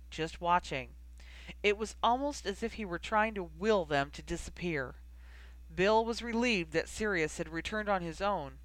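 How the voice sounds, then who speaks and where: Calm even storybook reader, mid voice, super dry room. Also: medium pitch, dry recording. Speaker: audiobook narrator. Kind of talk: storybook narration.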